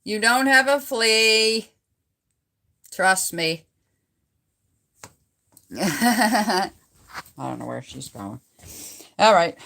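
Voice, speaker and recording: Middle-aged Canadian woman, phone livestream host, unhurried and bright, rambles with easy laughs. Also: mid-range voice, lively intonation, gravelly. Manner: chatty, rambling, laughs often. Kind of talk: casual live chat with viewers. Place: at home.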